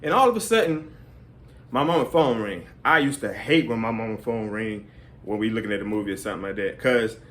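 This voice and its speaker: A man's voice: lowish voice, animated, brisk, a bit bright. A man giving casual advice in a rambling way, full of fillers. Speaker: vlogger.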